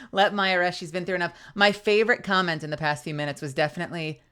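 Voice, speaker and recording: A woman's voice: fairly low pitch, fast, sharp tone, smooth. A young woman streamer with a tired, strained voice, chatting animatedly, laughing and swearing freely. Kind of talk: casual stream outro chat.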